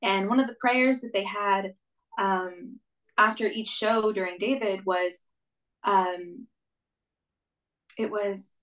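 A woman's voice: medium pitch, steady tone, slow pace, long pauses, a bit bright, low-quality recording. A young woman, a stage actress, telling her story as a guest in an interview, earnest and reflective, with frequent "like" and "um". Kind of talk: conversational interview.

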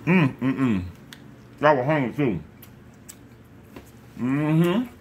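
A man's voice: mid-range voice, animated, takes it slowly, darkish tone, muffled recording, slight background noise. A man vlogging casually to his viewers while eating, effusive and repetitive, sometimes talking with his mouth full. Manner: effusive, repeats phrases, talks with food in mouth. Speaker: mukbang vlogger.

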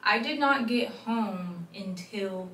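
A woman's voice: mid-range voice, slow, a bit bright, husky. A young woman in her twenties talking casually to the camera at home, rambling and laughing often. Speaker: vlogger. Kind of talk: casual vlog chat. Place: home, indoors. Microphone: phone or camera held close. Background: air conditioner hum.

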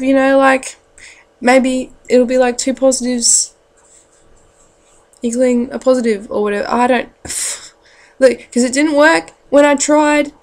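A woman telling a rambling, profane story to camera in a blunt, casual way. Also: a little high. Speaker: parent.

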